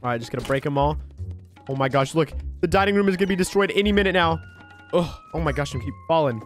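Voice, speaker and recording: A man doing a bratty, excitable baby boy. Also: high-pitched, natural voice. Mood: annoyed, then destructive. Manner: excitable, whiny, vengeful when upset. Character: bratty, excitable male baby, one year old. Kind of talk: gameplay role-play commentary.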